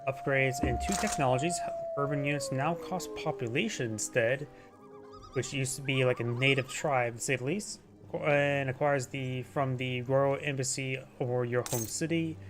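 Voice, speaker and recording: A man's voice: mid-range voice, normal speed, over music. A man casually commentating a strategy game replay, rambling and stumbling over unit names. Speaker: game caster.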